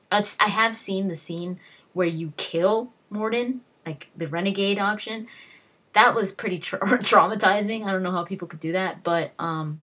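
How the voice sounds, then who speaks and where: A young woman talks through her favorite game moments in a loose, rambling way, full of "like" and restarts. Her voice sits a little low and sounds husky. She jumps into quoting characters as she goes. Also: a bit bright. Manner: rambling, lots of fillers and restarts, acts out quotes. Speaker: gaming vlogger. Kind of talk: casual storytelling.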